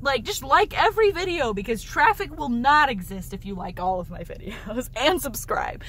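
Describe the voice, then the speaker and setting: A woman's voice: high voice, expressive, normal speed, a bit bright. A woman vlogging from her car as she drives, rambling in a casual monologue and laughing often. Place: in a car while driving.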